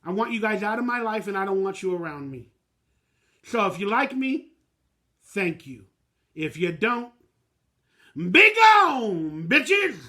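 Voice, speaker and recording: A man with a high-pitched voice and a bright, sharp edge rants through a postgame reaction on his fan channel. He talks bluntly and emotionally in plain, slangy words. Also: expressive, moderate pace, pauses often.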